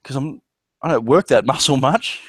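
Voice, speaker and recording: A man's voice: mid-range voice, moderate pace, dry recording. A man with an Australian accent, chatting casually and rambling, with crude jokes. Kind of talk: casual chat.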